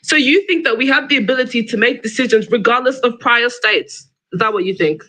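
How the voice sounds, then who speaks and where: A man hosting a live stream, arguing combatively and cutting in with quick rebuttals. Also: extremely high pitch, sharp tone, poor audio. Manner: combative, interrupting, fast rebuttals. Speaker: livestream host. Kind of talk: argumentative live-stream debate.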